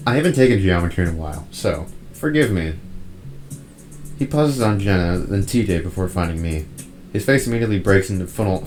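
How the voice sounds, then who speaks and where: A man's voice: deep voice, a little mellow, rough recording. A man reading a furry visual novel aloud in first person, breaking off for wry joking asides. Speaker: visual novel narrator and player.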